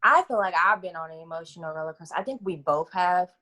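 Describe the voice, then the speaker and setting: A woman with a somewhat low voice tells a personal story as a podcast guest. She speaks candidly in casual slang, acting out the people in her tale. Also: fast, pushed and bright.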